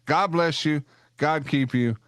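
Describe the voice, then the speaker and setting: A man's voice: on the high side, takes it slowly, a bit bright, smooth, dry recording, studio quality. A man hosting a casual interview show, joking and rambling with lots of fillers and restarts. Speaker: podcast host.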